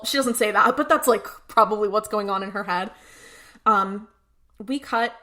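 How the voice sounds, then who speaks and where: A woman with a bright, clear voice recaps a TV episode in casual podcast chat. She tells the story in a chatty way and slips into the characters' lines as she goes. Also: mid-range voice, a little slow. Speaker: podcast co-host.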